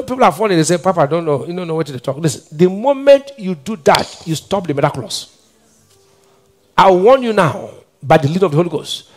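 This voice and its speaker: A middle-aged man with a Nigerian accent preaching a sermon, swinging between quiet asides and emphatic, shouted decrees. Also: sits high. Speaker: pastor.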